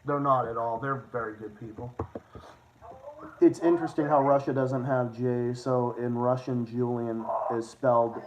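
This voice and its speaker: A young man hosting a casual livestream, excitable and rambling, swearing often with quick restarts. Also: medium pitch. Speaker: livestream host. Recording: echoey room, faint noise.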